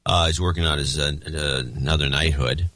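A man's voice: rumbling low, fairly even intonation, fairly quick, pushed and bright, no room sound. A man co-hosting a podcast in casual chat, with wry, dry humor. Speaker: podcast co-host.

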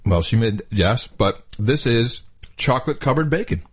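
A man's voice: medium pitch, lively intonation, moderate pace, background noise. A man co-hosting a podcast in casual chat, ranting and exclaiming. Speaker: podcast co-host.

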